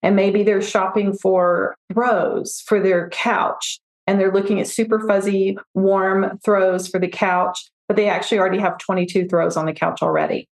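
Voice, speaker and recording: A woman, a financial therapist, talking through her approach in a relaxed podcast conversation, often giving examples and voicing her clients. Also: medium pitch, moderate pace, hardly any pauses, echoey room. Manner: reflective, explains with examples and quoted client voices.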